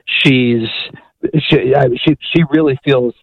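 A man's voice: medium pitch, slow pace, breathy edge, no room sound, highs cut off. A male guest author on a radio interview, telling a long story with lots of repeats and acted-out quotes. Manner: animated storyteller, acts out quotes, frequent repeats.

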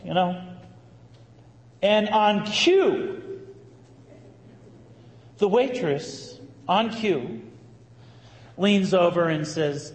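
A man, a Catholic priest, telling a story in a sermon with a lively, conversational manner and emphatic bursts. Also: high-pitched, takes it slowly, pauses often. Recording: echoey hall, faint ambience.

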